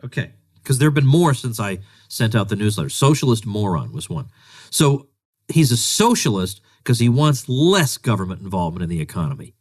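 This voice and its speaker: A man's voice: lowish voice, sing-song, fairly quick. A man hosting a solo commentary podcast, talking in a sarcastic, exasperated way as he answers critics. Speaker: podcast host.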